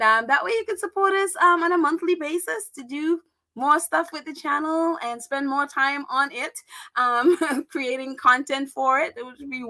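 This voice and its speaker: A woman's voice: high-pitched, sharp tone. A woman hosting a casual livestream, chatty, with frequent laughter and filler words. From United States. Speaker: livestream host.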